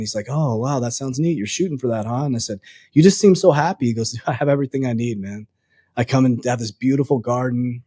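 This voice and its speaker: A man's voice: medium pitch, dry recording, studio quality. A man, a coach and podcast guest, telling his life story in a casual interview and acting out the lines of people he quotes. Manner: animated storyteller, acts out quoted dialogue. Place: lives in Arizona.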